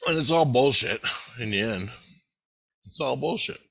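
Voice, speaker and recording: A man's voice: mid-range voice, expressive, normal speed, gravelly, a bit bright, slightly rough, no room sound. A man speaking in a casual, rambling monologue, blunt and full of swearing. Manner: blunt, heavily profane, rambling with restarts. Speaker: channel host.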